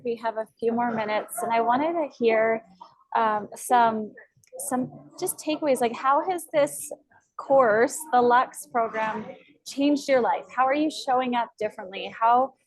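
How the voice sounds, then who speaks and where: Woman coach, slightly high voice. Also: slow pace, dry recording, poor audio. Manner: affirming, reflective, asks open questions. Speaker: coach leading a group course call. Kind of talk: group coaching discussion.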